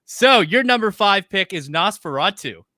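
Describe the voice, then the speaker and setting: Bright, lively male podcast host. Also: high voice, moderate pace, no room sound, studio quality. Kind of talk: casual podcast banter.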